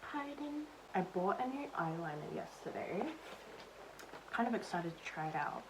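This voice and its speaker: A woman's voice: fairly low pitch, sing-song, normal speed, vocal fry, slight background noise, low-quality recording. A young woman vlogger chatting casually while doing her makeup, rambling through awkward work stories with lots of "like" and self-deprecating asides. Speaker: beauty vlogger.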